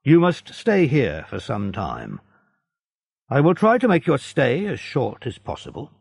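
Strict judge guy, bossy n secretive, husky dry voice, man doing it. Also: mid-range voice, huge pitch swings, a little slow, a little mellow, no room sound, pitched above the performer's own voice, full character voice. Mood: stern. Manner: commanding, clipped orders. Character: male judge, stern and secretive.

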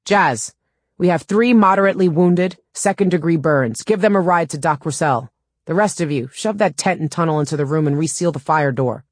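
A woman voicing a man leading a fire brigade, giving brisk, matter-of-fact instructions. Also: low voice, dry recording, studio quality, voice pushed up. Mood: businesslike. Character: gruff man, brigade chief.

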